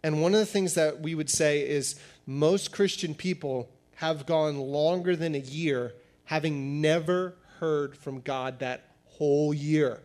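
High-voiced man preaching conversationally. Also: a little slow. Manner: conversational, animated preaching with acted-out dialogue. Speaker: pastor. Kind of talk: sermon.

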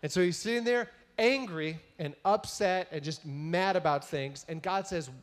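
A man's voice: sits high, normal speed. A man giving a casual, joking sermon, retelling a story and often tagging his sentences with "right?".

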